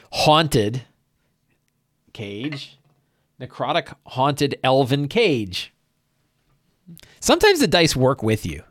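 A man's voice: medium pitch, no echo. A man acting as game master, casually thinking aloud on a livestream, often checking in with "right?" and restarting his phrases. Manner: frequent restarts and repeated words.

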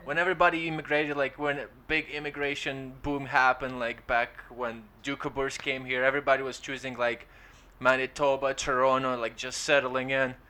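A man's voice: medium pitch, flat delivery, normal speed, pushed and bright. A young man from Ukraine, a stand-up comic chatting casually as a podcast guest, joking, laughing often and rambling loosely. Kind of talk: casual chat.

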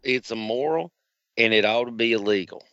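A man's voice: mid-range voice, normal speed, a bit bright, dry recording, lo-fi sound. A man co-hosting a casual wrestling review, who asks questions and teases in a dry way. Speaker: podcast co-host.

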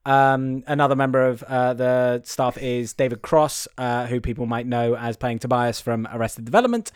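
Wry playful guy on a podcast, mid pitch, super dry close mic. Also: normal speed, clean tone, dry recording. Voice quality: playful, wry, steering the talk. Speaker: podcast co-host. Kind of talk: casual chat reviewing a film.

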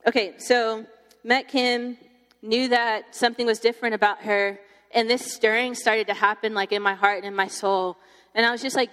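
A young woman giving her testimony to a campus ministry group, telling it in a chatty, animated way with lots of fillers. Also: a little high, normal speed, clean tone. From Texas. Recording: long hall reverb.

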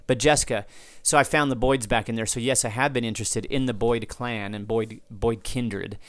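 A man's voice: medium pitch, steady tone, normal speed, a bit bright, no room sound. A man hosting a podcast, talking off the cuff to answer listener feedback, rambling with restarts and asides. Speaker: podcast host.

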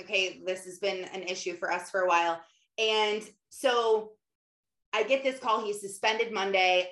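A woman, a mother, giving an animated, casual faith talk and often acting out quotes. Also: mid-range voice. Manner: animated, often acts out quotes, many fillers. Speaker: mother and Christian speaker. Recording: roomy echo.

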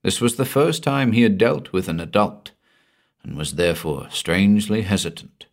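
A man reading a scripted horror story aloud in a measured, dramatic way, dropping to a hush at the ends of phrases. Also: lowish voice, lively intonation. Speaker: narrator.

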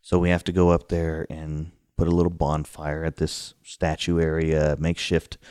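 Male storyteller, low pitch, dry close sound, casual and animated. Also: normal speed, clean tone, dry recording. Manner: animated, acts out the scares with sudden high outbursts. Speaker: guest telling a story.

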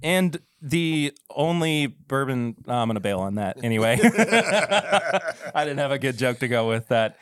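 A man's voice: medium pitch, lively intonation, a little slow, fairly bright tone, no room sound. A man hosts a casual podcast in an easy, jokey way, laughing often as he runs through the usual reads. His voice sits in a middle range. The sound is close and dry, with no room around it. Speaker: podcast host.

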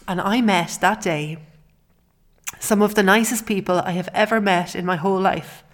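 A middle-aged woman hosts a personal podcast, speaking in a monologue at a moderate pace with a medium-pitched, steady voice. She comes across as earnest and heartfelt, with frequent restarts.

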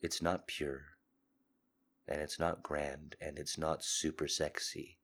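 A man hosting a podcast with a sick, hoarse voice, talking in an intimate confessional monologue. He is earnest and seductive, swinging between loud urging and soft murmurs. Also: rumbling low, level tone, takes it slowly. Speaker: podcast host.

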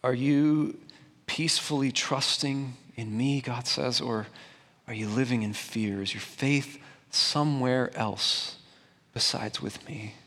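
A man's voice: mid-range voice, slow, fairly bright tone, in a large hall. A young adult man preaching a conversational, emphatic sermon to a congregation, asking them questions. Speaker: pastor. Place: church sanctuary before a congregation.

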